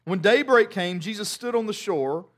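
High-voiced man preaching. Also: normal speed. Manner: animated, humorous storytelling. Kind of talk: sermon.

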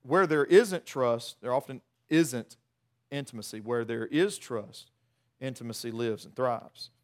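A middle-aged man, preaching a sermon in a conversational, animated way with many restarts. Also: mid-range voice, measured pace. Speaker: pastor.

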